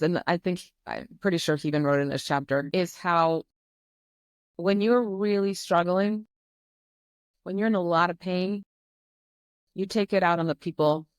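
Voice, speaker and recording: A woman's voice: fairly low pitch, dry recording. A woman speaking as a podcast guest, talking candidly in an earnest, emphatic way. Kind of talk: candid conversational interview.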